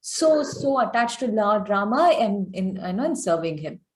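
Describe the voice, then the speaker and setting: A woman telling a devotional story to children on a video call, chatty and animated, full of fillers and coaxing questions to her listeners. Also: mid-range voice, normal speed. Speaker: storyteller teaching children online.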